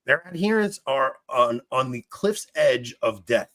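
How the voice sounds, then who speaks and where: Animated, rambling male podcast host. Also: medium pitch, measured pace. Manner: animated, rambling, laughs often. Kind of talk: casual chat.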